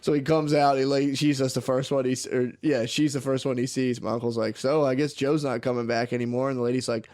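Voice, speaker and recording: A man's voice: mid-range voice, little pitch movement, quick pace, few pauses, a little mellow. A young man co-hosting a casual comedy podcast, telling a rambling, profane story and laughing through it. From United States. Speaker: podcast co-host.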